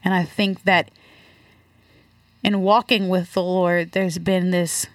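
A woman giving a reflective faith testimony, searching for words with many halting restarts. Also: lowish voice, level tone, dry recording, clean studio sound. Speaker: guest.

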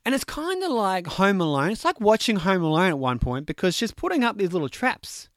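A man casually retelling a movie plot in an animated, jokey, chatty way, full of fillers. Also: high voice, brisk, dry recording, clean studio sound. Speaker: movie recapper.

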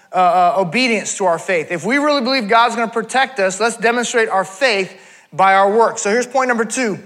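A man's voice: high-pitched, sharp tone. A man preaching a sermon in a church, talking to the congregation with casual asides and correcting himself as he quotes scripture. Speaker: pastor.

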